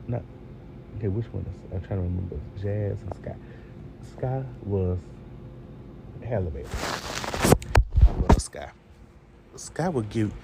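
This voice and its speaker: A man's voice: on the low side, vocal fry. A man giving a casual, rambling TV review, talking straight to his viewers. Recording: steady background noise.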